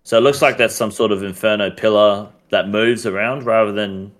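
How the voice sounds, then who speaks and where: An Australian man, a game streamer guesting on a gaming podcast, chats casually in a lowish, steady voice at a moderate pace. He rants bluntly and swears heavily.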